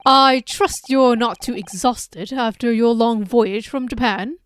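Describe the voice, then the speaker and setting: A woman reading the lines of a stern, imposing male chief judge, slow and formal, in her own high voice. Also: clear, resonant tone.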